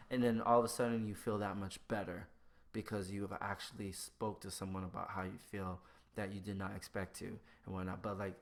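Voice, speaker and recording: A man in casual conversation who acts out both sides of everyday exchanges with lively shifts in his voice. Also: lowish voice, a little fast, creaky. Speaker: podcast guest. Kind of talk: casual chat.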